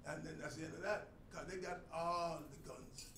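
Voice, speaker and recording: High, bright-voiced man preaching in an echoey room. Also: steady tone, moderate pace. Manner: emphatic, swings between loud and soft. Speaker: congregation teacher. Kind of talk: sermon teaching. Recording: echoey room, distant mic, faint noise.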